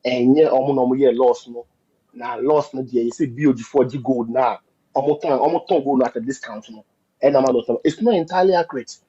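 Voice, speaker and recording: Emphatic Ghanaian man, husky voice. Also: mid-range voice, brisk, warm tone. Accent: Ghanaian English. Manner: emphatic, repetitive, mixes in Twi phrases. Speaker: political commentator. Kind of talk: heated political discussion. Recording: dull lo-fi audio.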